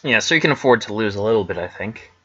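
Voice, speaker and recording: A man's voice: on the low side, expressive, fast talker, fairly bright tone, breathy edge, lo-fi sound. A man co-hosting a let's play, chatting casually and weighing game choices aloud. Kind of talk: casual gameplay chat.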